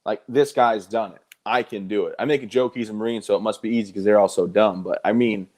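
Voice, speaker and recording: A man who is a guest in a live interview, telling his stories in an animated, conversational way with quoted dialogue. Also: fairly low pitch, fast talker. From United States.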